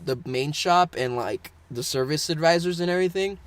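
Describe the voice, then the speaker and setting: A man's voice: on the high side, moderate pace, clean tone, dry recording. A man, a podcast co-host, telling a rambling story in casual chat with lots of fillers and bursts of laughter.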